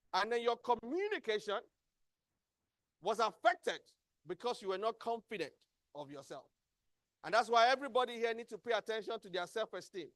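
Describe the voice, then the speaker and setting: A man's voice: very high voice, a bit bright, no echo. Man, Nigerian accent, workshop trainer, emphatic, repetitive, quizzing audience, dry sound. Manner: emphatic, repeats key words, quizzes the audience. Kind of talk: motivational training talk.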